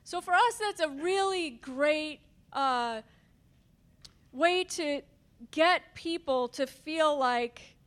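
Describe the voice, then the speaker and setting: A woman minister speaking earnestly on a panel, talking fast with occasional fillers. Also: high-pitched, animated, a bit bright. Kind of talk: panel talk.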